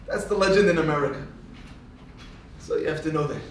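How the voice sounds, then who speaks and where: A man with a high voice gives a religious talk, telling funny stories and acting out each line of dialogue. He sounds distant from the mic, in a strongly echoing room. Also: brisk, slight background noise. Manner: jokey storyteller acting out dialogue. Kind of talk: storytelling Torah talk. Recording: echoey room, voice from far off.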